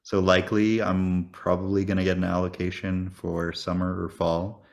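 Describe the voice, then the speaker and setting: Deep-voiced man in casual podcast chat. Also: normal speed, vocal fry. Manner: animated, joking storyteller, swears freely. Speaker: podcast co-host.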